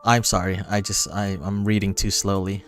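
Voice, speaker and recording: A man's voice: deep voice, little pitch movement, normal speed, fairly bright tone, faint music behind. A man hosting a late-night storytime stream, chatting in an easygoing, self-deprecating way. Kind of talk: casual livestream chat.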